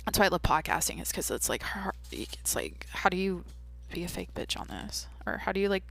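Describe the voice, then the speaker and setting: A woman's voice: lowish voice, sing-song, moderate pace, vocal fry, few pauses, dry recording. A young woman hosting a podcast, talking candidly in a rambling, casual way with lots of "like". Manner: rambling, candid, heavy use of "like". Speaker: podcast host. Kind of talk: casual monologue.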